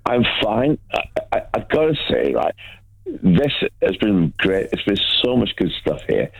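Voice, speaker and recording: A man's voice: fairly low pitch, wildly swooping pitch, unhurried, vocal fry, no echo, soft background music. A man calling in to a radio show, enthusiastic and stumbling over his words with many restarts. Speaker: caller. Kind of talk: phone-in chat. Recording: tinny phone line.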